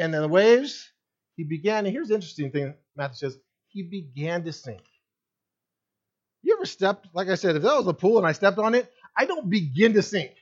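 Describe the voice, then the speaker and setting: A man preaching a sermon as pastor, swinging between loud emphatic lines and hushed, soft ones. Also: high-pitched, lo-fi sound.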